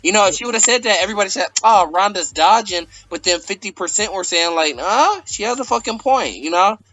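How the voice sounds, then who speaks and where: A man with a high, bright, forceful voice hosts a casual, profane chat. He tells stories loosely, full of "like" and "um", and the recording is close and dry. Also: lively intonation, fairly quick, no room sound, dull audio. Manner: loose, filler-heavy storytelling. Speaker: host.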